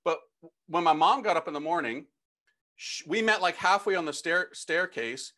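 Speaking at a moderate pace in a voice on the high side, a middle-aged priest gives a testimony about his conversion. The telling is lively and full of slang, and he plays out the dialogue himself.

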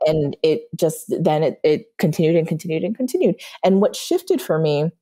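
This woman speaks in a low voice at a moderate pace. Guesting on a podcast, the manifestation coach tells animated stories and keeps asking "right?" to check in.

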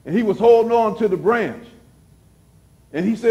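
A man preaching a sermon as pastor, repeating phrases for emphasis and dropping suddenly to a hush. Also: sits high, lively intonation, normal speed, dull audio.

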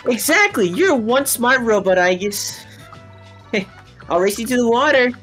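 A woman's voice: fairly high pitch, expressive, a little slow, a bit bright, soft background music. A woman voicing a laid-back jokey teen boy. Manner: laid-back and jokey, swears when rattled. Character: cocky goofy teenage boy. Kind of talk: live fan dub.

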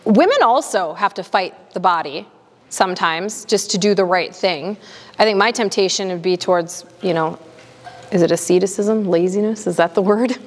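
A woman in her thirties giving a candid talk and answering audience questions. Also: mid-range voice. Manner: earnest, candid, quick bursts. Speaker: guest speaker. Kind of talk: casual Q&A talk. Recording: long hall reverb.

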